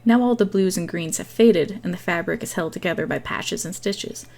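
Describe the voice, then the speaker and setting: A woman's voice: fairly low pitch, normal speed, vocal fry, a little mellow. A woman hosting a gaming channel, reading a text game aloud in a casual way with small slips and chatty asides.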